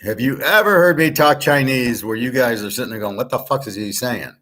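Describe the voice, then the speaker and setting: A man's voice: medium pitch, fairly quick, bright, forceful tone. Angry, profane male host delivering a blunt rant to camera. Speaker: host of a sports betting and finance channel. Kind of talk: ranting monologue to camera.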